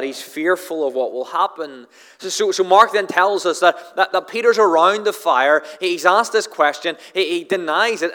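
A man's voice: on the high side, fairly bright tone. A man with a Northern Irish accent delivers a sermon in a slightly raised voice, and a long hall reverb trails every phrase. He often repeats words as he starts a sentence and gives the quoted lines a little acting. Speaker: preacher.

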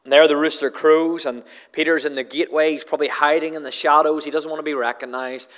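A man's voice: on the high side, steady tone, fast, fairly bright tone. A man with a Northern Irish accent preaching a sermon, often stumbling over repeated words as he starts a sentence and acting out the quoted lines. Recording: long hall reverb.

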